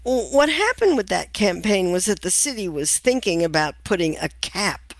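A woman's voice: medium pitch, very animated, moderate pace, no echo. An older woman, a nutritionist guest in an interview, telling stories in a wry, amused way and laughing as she talks. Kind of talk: conversational interview.

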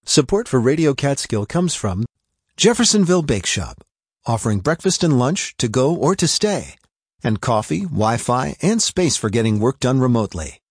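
A man announcing radio sponsors with a lively, swooping delivery. His voice is slightly husky and dry, with no room around it. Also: medium pitch, moderate pace, no echo.

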